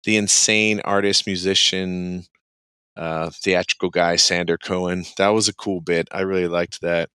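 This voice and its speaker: A man's voice: sits low, steady tone, a little slow, pushed and bright, clear, resonant tone, dry recording. A man casually recapping a game's story as a podcast co-host, rambling with lots of "like" and "um". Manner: rambling, heavy on "like" and "um".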